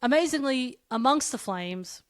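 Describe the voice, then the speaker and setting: A woman's voice: high voice, animated, moderate pace, no room sound, clean studio sound. A woman co-hosting a casual podcast, recapping a horror episode with lots of fillers. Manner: chatty, recapping scenes with fillers. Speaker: podcast co-host. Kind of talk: casual movie chat.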